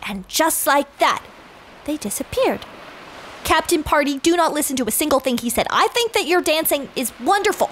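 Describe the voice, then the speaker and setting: Excitable high-voiced woman telling a game story. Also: moderate pace, a little hiss or hum. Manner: excitable, gasping, chatty asides. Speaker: story narrator. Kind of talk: playful game story narration. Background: background music.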